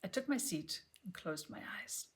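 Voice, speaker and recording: Gentle, low-voiced woman reading an audiobook. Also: expressive. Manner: gentle, measured reading that drops to a near whisper. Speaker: audiobook reader. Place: home, on a sofa.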